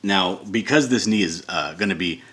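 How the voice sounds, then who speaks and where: A man's voice: deep voice, moderate pace, fairly bright tone. A man teaching comic drawing in a casual tutorial, rambling and correcting himself as he sketches. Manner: rambling, self-correcting, thinks aloud while sketching. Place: home studio.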